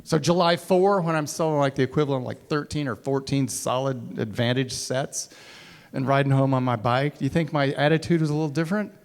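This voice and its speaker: A middle-aged man giving a playful, animated motivational talk to sales trainees, acting out scenes with silly voices. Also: mid-range voice, brisk, long reverb tail. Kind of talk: animated storytelling talk to a live audience. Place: large hall before a college audience.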